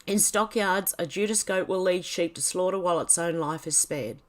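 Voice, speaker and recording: A woman hosting a livestream, reading posts aloud in casual commentary. She stumbles and corrects herself, mutters asides, and coughs and clears her throat now and then. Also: lowish voice, moderate pace. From Australia. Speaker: livestream host.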